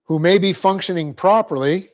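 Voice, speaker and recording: Male pastor-teacher, slightly high voice, slow deliberate dictation, wry asides. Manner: dictates punctuation slowly, joking asides. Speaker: pastor teaching a Bible class. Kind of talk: verse-by-verse Bible teaching. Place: church classroom.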